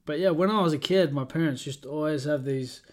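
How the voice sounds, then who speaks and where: A man's voice: fairly high pitch, fairly quick, a little mellow. A young Australian man hosting his own podcast, chatting casually in an upbeat, rambling way that often corrects itself. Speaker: podcast host. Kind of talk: casual solo podcast chat.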